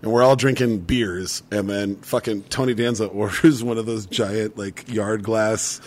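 A man's voice: fairly low pitch, fairly even intonation, a little slow, darkish tone. A man in his thirties telling a story in casual chat, laughing often and swearing freely. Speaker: podcast co-host.

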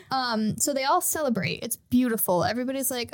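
Young woman podcast host, high voice, dry close mic, lively casual storyteller. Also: normal speed, no echo. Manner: animated storytelling with swearing and laughter. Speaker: podcast host retelling an anime arc.

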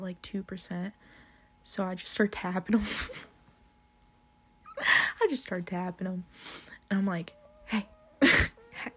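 A woman's voice: mid-range voice, a bit bright, husky. A young woman telling a casual, profanity-laced story, laughing often as she talks. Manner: slow, drawn-out delivery with frequent swearing and laughter.

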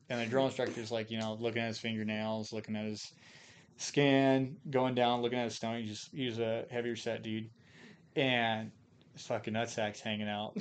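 A man's voice: medium pitch, flat delivery, normal speed, fairly bright tone. A man from Idaho spins loose, profanity-laced stories as a podcast guest. He talks in a mid-range voice, stumbles through restarts and fillers, and keeps an easy, conversational flow. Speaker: podcast guest, former Marine scout sniper. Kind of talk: casual storytelling.

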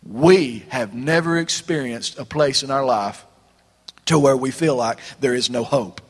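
A man preaching a sermon in a folksy, conversational way, slowing down for dramatic pauses. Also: mid-range voice, slightly rough. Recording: long reverb of a large hall.

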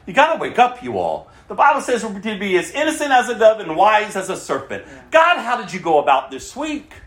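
A man preaching a sermon in a high, lively voice that swoops up and down. He drives home each point with rhetorical questions and swings from loud to hushed. The room around him is echoey. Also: brisk. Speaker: pastor.

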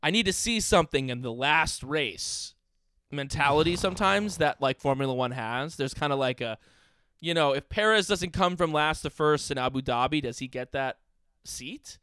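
A man co-hosts a podcast and talks in a loose, meandering way. His voice is smooth and clear at a mid pitch. The recording is dry and close, with no room sound. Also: animated, moderate pace, sharp tone, no echo. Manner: rambling, with many fillers and agreeing interjections. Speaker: podcast co-host. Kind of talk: casual podcast chat.

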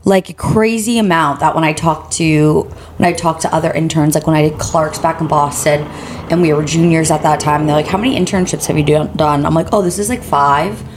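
A woman in her twenties chats easily with a friend, her voice a touch low for a woman. She tells animated stories and jumps up in pitch when quoting herself. A faint background noise sits under the recording. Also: brisk. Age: 20s. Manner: expressive, quotes herself in high voice, laughs. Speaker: co-host. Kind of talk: casual chat.

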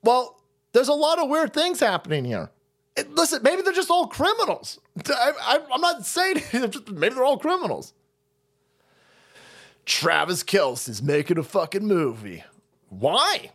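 A foul-mouthed man streaming a mocking political rant, laughing and swinging between loud jabs and low muttering. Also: wildly swooping pitch, normal speed.

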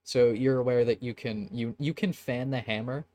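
A man's voice: medium pitch, fairly even intonation, moderate pace, warm tone. A young man narrating a tabletop game as game master, casual and laughing, swearing often. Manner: casual, laughing, swears often, puts on silly shopkeeper voices.

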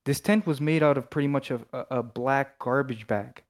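Young Canadian man, mid-pitched, loose and rambling podcast co-host, swears casually. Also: moderate pace. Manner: rambling, loose, swears a lot, many restarts. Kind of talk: casual chat.

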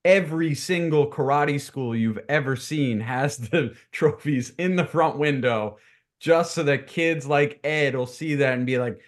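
A man co-hosting a casual podcast chat with relaxed, dry humor. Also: fairly high pitch, unhurried. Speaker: podcast co-host.

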